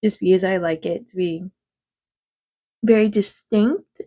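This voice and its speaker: A woman's voice: medium pitch, measured pace, mellow. A woman chatting casually through a makeup tutorial at home, rambling and frank, with some swearing. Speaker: makeup vlogger. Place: quiet home.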